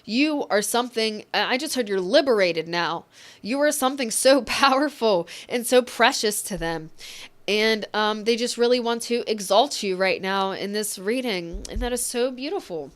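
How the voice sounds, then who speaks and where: Smooth-voiced woman giving a tarot reading. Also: medium pitch, animated, moderate pace. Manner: gentle, emotional, reassuring, choked up at times. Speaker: tarot reader.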